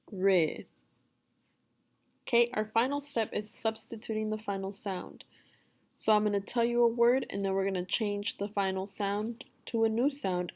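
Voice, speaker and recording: A woman teaching a phonics lesson for young children, sounding out words slowly and deliberately. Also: mid-range voice. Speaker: second grade teacher.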